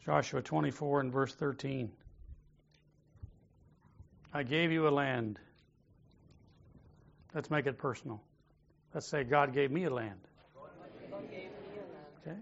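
A man's voice: medium pitch, slow, creaky, long pauses. A man preaching a sermon, asking the congregation questions and getting them to repeat phrases to their neighbor. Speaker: pastor. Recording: dull lo-fi sound.

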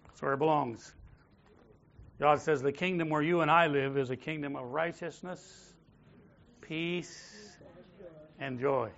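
Male pastor, fairly high voice, preaching to a congregation, dull lo-fi recording. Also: measured pace, pauses often, a bit bright. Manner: rhetorical questions, calls on the congregation to repeat phrases. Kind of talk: sermon. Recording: dull lo-fi sound.

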